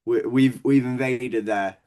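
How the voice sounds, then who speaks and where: A man's voice: medium pitch, fairly even intonation, measured pace, darkish tone. A young man with a Scouse accent, a stand-up comedian guest telling rambling, sweary stories and laughing along. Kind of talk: casual storytelling chat.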